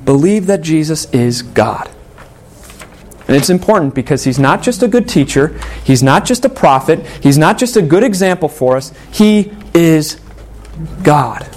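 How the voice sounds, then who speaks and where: A man's voice: high voice, darkish tone, a little hiss or hum. Earnest emphatic male preacher. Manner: earnest, emphatic, with dramatic pauses. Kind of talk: sermon.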